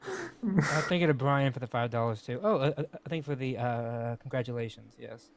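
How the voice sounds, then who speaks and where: A man's voice: mid-range voice, big pitch swings, normal speed. Easygoing man co-hosting a stream. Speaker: stream co-host. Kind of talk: casual chat, reading out donations.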